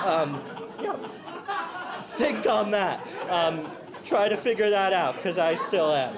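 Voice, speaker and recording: High-voiced playful man giving a speech. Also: expressive, normal speed, a loud crowd, heavy background noise. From New Jersey. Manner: playful, self-mocking, with hesitant fillers. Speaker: commencement speaker and clown teacher. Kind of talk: graduation speech to a live audience.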